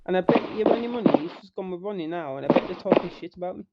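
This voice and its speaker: Lad venting, swears a lot, high voice, dull muffled broken mic. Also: male voice, rapid-fire, very noisy. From northern England. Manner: heated sweary storytelling. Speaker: online roleplay gamer. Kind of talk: casual chat.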